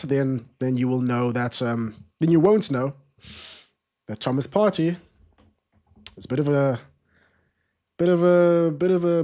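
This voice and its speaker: A man in a slightly higher register than most, talking loosely to his viewers as he hosts a live football watchalong. He rambles, restarts his sentences and pokes fun at himself in a relaxed stream-chat way. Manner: rambling, self-deprecating, frequent restarts and fillers.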